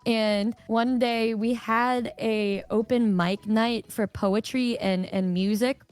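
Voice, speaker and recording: A young woman, a streamer, telling a candid personal story in casual chat, swearing freely and acting out what others said in a higher voice. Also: fairly even intonation, takes it slowly, darkish tone, clear, resonant tone, faint music behind. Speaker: streamer co-host.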